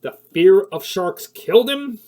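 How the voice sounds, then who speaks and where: Man, casual film review, rambling, full of fillers and restarts, mellow tone, slightly high voice. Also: animated, unhurried. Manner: rambling, with many fillers and self-corrections; laughs at his own points, gets heated when annoyed.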